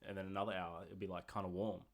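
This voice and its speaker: Chatty low-voiced Australian host. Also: male voice, very fast. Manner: chatty, animated, filler-heavy with "like" and "dude". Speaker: podcast host. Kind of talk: casual chat.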